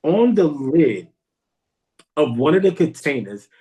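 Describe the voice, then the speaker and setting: A young man tells a story on his podcast in casual, slang-heavy talk. His voice sits fairly high and swings a lot, jumping up whenever he gets excited. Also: slow. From New York. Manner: animated, comic, slangy storyteller with excited pitch jumps. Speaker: podcast host.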